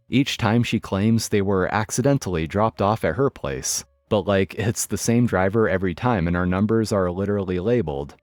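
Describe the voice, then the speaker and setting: A man's voice: fairly low pitch, a little mellow, no room sound. A man narrating online stories in a wry, matter-of-fact scripted style. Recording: dry studio voice with faint music. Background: faint background music.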